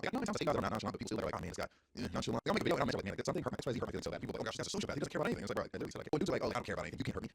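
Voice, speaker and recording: A young man in his twenties, a streamer ranting casually to his chat, getting animated and climbing higher when heated. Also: gravelly, background noise. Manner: animated, rapid and swinging up in pitch when heated.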